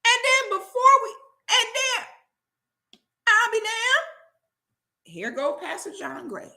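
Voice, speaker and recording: A woman's voice: very high-pitched, sing-song, slow, sharp tone. A woman vlogger who talks emphatically and preachily, checking in with "okay?" as she makes her points. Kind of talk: commentary vlog.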